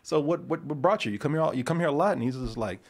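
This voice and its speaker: Rapid-fire and fairly high-pitched, this talk-show podcast host spins an animated tale, performing both sides of the conversation while constantly restarting and swearing.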